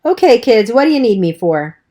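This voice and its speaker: A woman's voice: a little high, sing-song, a little fast, warm tone, pitched above the performer's own voice. A woman doing a brash teenage tough guy. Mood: offhand. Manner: brash, offhand. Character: tough cocky teenage boy hood, gruff.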